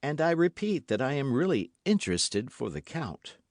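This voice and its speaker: An ardent young swordsman, gallant and earnest, pleading in a caressing tone, as the narrator voices him. The voice rides higher than the reader's own and moves with lively inflection. It is recorded dry and close. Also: normal speed, no room sound.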